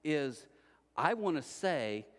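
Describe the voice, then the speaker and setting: A man's voice: on the high side, slow. A middle-aged man preaching a sermon as pastor, telling humorous stories and speaking directly to the congregation. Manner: lively humorous storytelling, addresses the congregation directly. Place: church auditorium. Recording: reverberant church hall.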